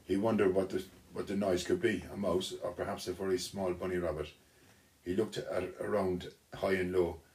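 A man telling a children's story aloud, unhurried, with small restarts. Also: low-pitched, little pitch movement, darkish tone.

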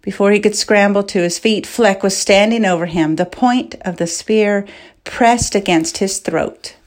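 A woman narrating a novel in measured, unhurried storytelling. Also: mid-range voice. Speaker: audiobook narrator.

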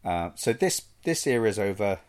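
A man's voice: lowish voice, very animated, moderate pace, darkish tone. A man co-hosting a film podcast in casual chat, earnest and self-deprecating, sometimes mock-pleading. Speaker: podcast co-host.

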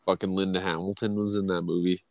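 A man's voice: low voice, little pitch movement, fast, gravelly, no echo. A man hosting a casual podcast, rambling and ranting with heavy swearing. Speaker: podcast host. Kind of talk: casual profane chat.

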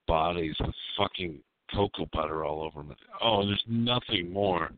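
Crude rambling radio host, tinny sound. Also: male voice, a bass voice, dry recording. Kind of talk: live call-in radio talk. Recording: dry tinny phone-like sound.

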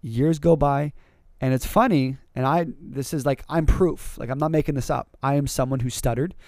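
A man talking on his own podcast as a public speaking coach, energetic and emphatic, with many fillers and repeated words. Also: medium pitch, moderate pace, dry recording, studio quality. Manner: energetic, emphatic, rising to excited peaks. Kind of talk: podcast monologue.

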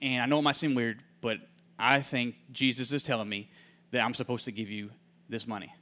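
Fast-talking animated male preacher. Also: medium pitch. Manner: animated storyteller who acts out the people he quotes; drops to soft, hushed tones in heartfelt moments. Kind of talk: sermon storytelling.

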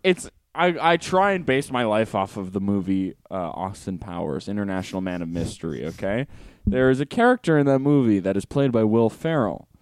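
A man's voice: on the low side, animated, moderate pace, clear, resonant tone, no echo. A young man co-hosting a podcast who rants and jokes with plenty of swearing. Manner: ranting, joking, profane. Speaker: podcast co-host. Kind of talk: casual chat.

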